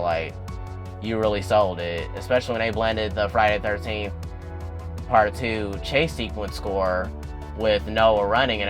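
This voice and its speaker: Lively man recapping a show. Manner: animated, addresses viewers as y'all, swings up in pitch when excited. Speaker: YouTube recap host. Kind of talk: casual episode recap.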